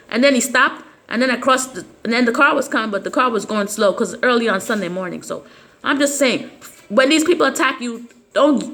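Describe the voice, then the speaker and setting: A woman's voice: on the high side, a bit bright. A woman talking casually to camera in a rambling, agitated way, often stumbling and repeating herself. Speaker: vlogger. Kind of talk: casual vlog monologue.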